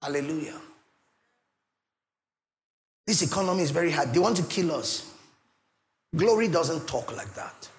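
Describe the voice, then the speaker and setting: A middle-aged Nigerian man preaching a sermon, swinging between loud declarations and soft pleading asides. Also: fairly high pitch, animated, measured pace, long pauses. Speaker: pastor.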